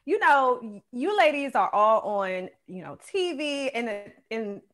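A woman hosting a casual chat, expressive and quick to laugh along. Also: a little high. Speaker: host.

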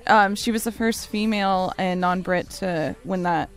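A woman co-hosting a casual talk show, relaxed and agreeable. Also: on the low side, moderate pace, low-quality recording. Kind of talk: casual chat show banter.

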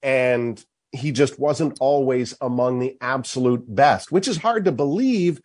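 A man's voice: mid-range voice, measured pace, a little mellow. A man hosting sports talk at a golf charity event, making an emphatic case point by point. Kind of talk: opinionated hockey talk.

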